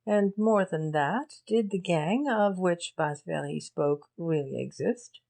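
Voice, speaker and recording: A deliberate gentleman laying out a case, read by a woman. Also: fairly low pitch, creaky, exaggerated voice. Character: shrewd male gentleman explaining a case.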